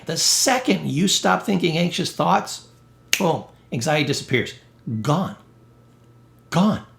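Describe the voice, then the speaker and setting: A male therapist and educator delivers a blunt, emphatic motivational self-help talk laced with punchy, salty humor. His voice is medium-pitched with vocal fry, and the recording has a roomy echo.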